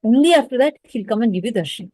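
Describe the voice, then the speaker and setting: Brief: woman playing a measured male sage, matter-of-fact, lower than her narration. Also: animated, warm tone, no room sound, rough recording. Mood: calm. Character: calm male sage bringing a message.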